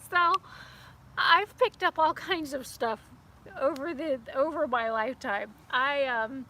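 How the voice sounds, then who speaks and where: A woman telling a story in a casual vlog, her voice high and bright. She talks in a chatty, animated way, laughing as she goes. A faint hum of outdoor noise sits behind her. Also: unhurried, pauses often. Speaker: beauty vlogger. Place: outdoors near a house.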